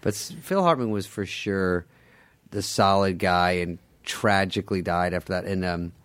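Wry, low-voiced man telling stories. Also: a bit bright. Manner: wry, sarcastic, acts out others in quick voices. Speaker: podcast guest, comedian. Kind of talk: casual storytelling chat.

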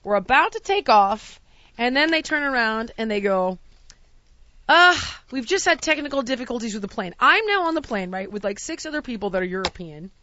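A woman's voice: on the high side, expressive, a little fast, no room sound, lo-fi sound. A woman in casual chat, telling a long travel story and acting out the quotes with exasperated outbursts. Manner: acts out quotes, shouting in exasperation.

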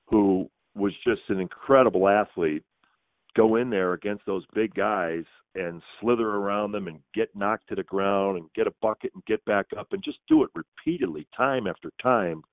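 A man's voice: lowish voice, dry recording. A man who works as a radio sports broadcaster, answering interview questions in a thoughtful way that builds in enthusiasm. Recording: dull, slightly lo-fi audio, dry.

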